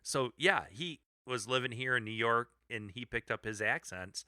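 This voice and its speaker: A man's voice: medium pitch, moderate pace, sharp tone, dry recording, clean studio sound. A man co-hosting a podcast, chatting casually in a giggly, teasing way. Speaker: podcast co-host.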